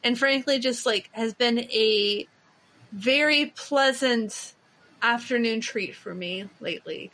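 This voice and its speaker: A woman's voice: a little high, fairly bright tone. A woman co-hosting a podcast in casual chat, rambling with frequent restarts and fillers. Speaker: podcast co-host.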